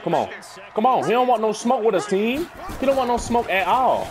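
A man's voice: high-pitched, very animated, a little fast, crowd noise. A young man commentating his own football video game match live, hyped and trash-talking. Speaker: gaming YouTuber.

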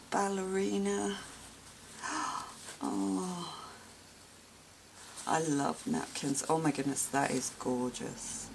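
A woman with a low voice talks slowly and warmly gushes over each gift as she unwraps it at home. She gasps and exclaims often in a casual unboxing chat, with a clear hiss of noise behind her voice. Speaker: vlogger opening gifts.

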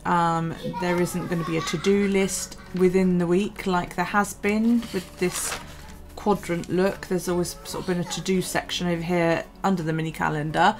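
A woman's voice: on the low side, flat delivery, normal speed, hardly any pauses, faint music behind. A woman from the UK, chatting casually in her vlog, tired and yawning, rambling with many ums and restarts. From United Kingdom. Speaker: vlogger. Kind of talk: casual chat over a journaling video.

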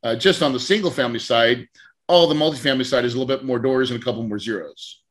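Speaking quickly in a mid-range voice, this man hosts a podcast interview and animatedly tells a story, playing out dialogue and laughing frequently. He is a podcast host and real estate mentor.

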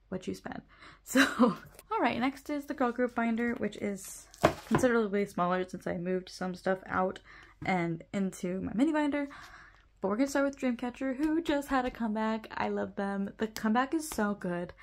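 A woman's voice: medium pitch, slight background noise. A young woman chatting casually while sorting her photocards, rambling, laughing often and correcting herself. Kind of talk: casual chat.

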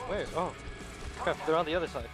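A young man streaming a game with a friend, excitable and teasing, laughing often. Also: fairly high pitch, a little fast, over music. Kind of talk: casual gaming chat.

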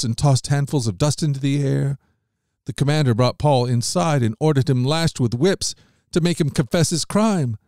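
A man reading Bible passages aloud as a podcast host, in a measured, steady manner that lifts slightly on quoted speech. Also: mid-range voice, clear, resonant tone, dry recording, clean studio sound.

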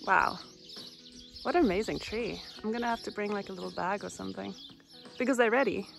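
A woman's voice: mid-range voice, fairly quick, creaky, a bit bright, soft background music. A woman walking outdoors through a rural village, chatting cheerfully to her camera in a casual vlog. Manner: cheerful, chatty, laughs often. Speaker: vlogger.

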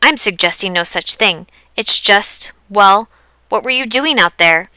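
A woman reading the lines of a gruff, suspicious man who speaks loudly and commandingly in an audiobook. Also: high-pitched, a little slow, dry recording, full character voice. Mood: flustered. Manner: loud, commanding.

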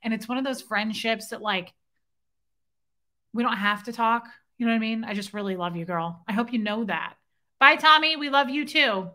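A young woman hosts a casual livestream, talking straight to her viewers and reading their comments aloud. Her voice sits a little high and sounds very bright. She stays playful and self-mocking, and now and then she slips into a snatch of song. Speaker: livestream host.

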